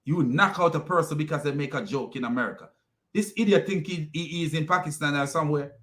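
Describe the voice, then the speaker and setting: A man delivering ranting commentary with a mocking edge, chuckling at what he describes. His voice sits a little higher than most men's. He talks loosely and repeats himself as he goes. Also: fast talker, fairly bright tone. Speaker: commentary host. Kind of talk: reaction commentary on clips.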